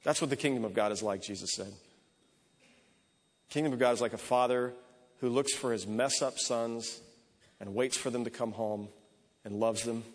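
A man's voice: medium pitch, normal speed, pauses often. A man preaching a sermon, telling a story in a conversational way that strings lines together with repeated ands. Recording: echoey hall.

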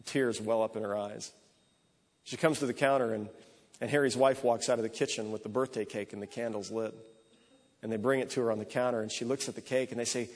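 A man's voice: medium pitch, fairly even intonation, brisk. A man preaching a sermon, telling a story in a conversational way that strings lines together with repeated ands. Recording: echoey hall.

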